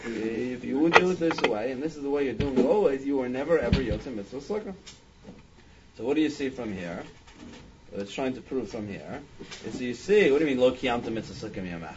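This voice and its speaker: A man's voice: medium pitch, expressive, fairly quick, background noise. Man, Talmud teacher, mid-range voice, reasoning aloud, muffled lo-fi recording. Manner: thinks aloud, frequent "I mean" restarts. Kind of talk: Talmud study class.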